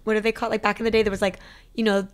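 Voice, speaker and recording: A woman's voice: mid-range voice, little pitch movement, very fast. A young woman chatting as a podcast guest, casual and hesitant, with many fillers. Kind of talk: casual chat.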